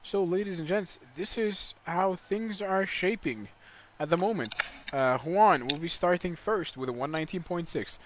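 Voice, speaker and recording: A man commentating a sim racing league live, excitable and rambling, stumbling over words when excited. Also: high voice, normal speed, a little hiss or hum.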